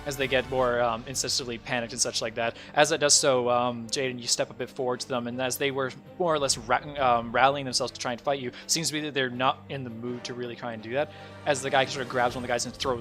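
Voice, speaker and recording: A man runs a tabletop game as its game master, narrating in a loose, rambling way with plenty of fillers. His voice sits at a middle pitch with a bright, forceful tone. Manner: rambling, filler-heavy, laughing asides.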